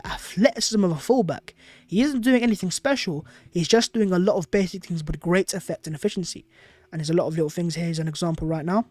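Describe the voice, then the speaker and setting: Man, fast chatty football watch-along talk, high voice, dry close sound. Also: a little mellow, no room sound. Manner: chatty, slangy, talks straight to the live chat. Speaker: football streamer and fan content creator. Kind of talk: live watch-along commentary.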